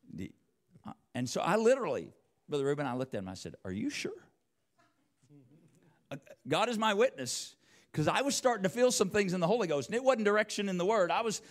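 A preacher telling a personal story in a church sermon, acting out both sides of the conversations. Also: male voice, fairly high pitch. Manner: animated, acts out both sides of dialogue. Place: church sanctuary.

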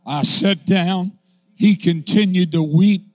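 A pastor telling a folksy, humorous testimony that rises into fervent preaching. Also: male voice, sits high, takes it slowly, a little mellow, no room sound, studio quality. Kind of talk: storytelling sermon.

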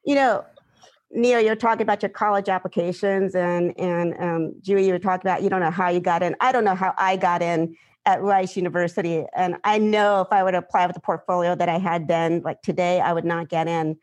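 A woman composer on a panel, telling a personal story in an animated, vivid way. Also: on the low side, a little fast.

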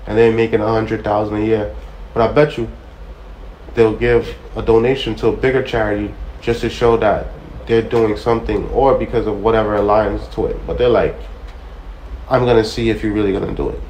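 A man with a fairly low, level, slightly mellow voice speaks at a moderate pace, hosting a ministry show in casual spoken testimony. He talks in a relaxed, preacher-like way, repeating phrases for emphasis and acting out quoted conversations as he tells stories. The audio is poor, with slight background noise.

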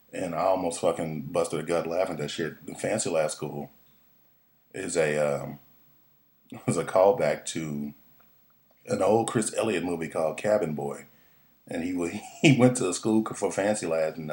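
A man giving a casual, profane, excitable recap of a TV episode, rambling with lots of fillers and restarts. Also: low voice. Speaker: podcast host recapping a TV episode.

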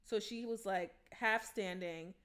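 Bright-voiced blunt young New woman. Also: mid-range voice, unhurried, smooth. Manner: blunt, profane, sassy. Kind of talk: casual storytelling chat.

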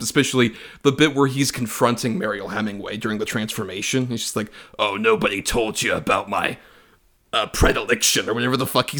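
A man's voice: mid-range voice, fairly bright tone. Chatty man laughing through film talk. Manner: laughs often, swears, acts out quotes. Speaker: podcast co-host. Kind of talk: casual film discussion.

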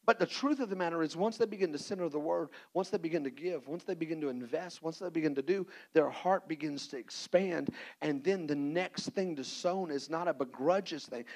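A man preaching a sermon as pastor, animated and playful, acting out little scenes for the congregation. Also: on the high side, fairly quick, hardly any pauses, poor audio.

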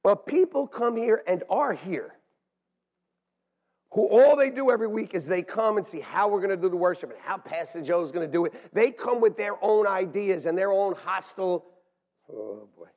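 Male pastor, high husky voice, lively preaching, long church reverb. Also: moderate pace. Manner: animated, swings from hushed to shouting. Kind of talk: sermon. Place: church sanctuary.

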